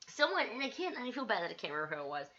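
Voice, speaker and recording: Excitable woman host for a home-studio stream, bright and animated, a little lo-fi. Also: on the high side, racing. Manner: excitable, laughs often, rambling. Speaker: livestream host. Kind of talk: casual livestream chat. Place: home studio with green screen.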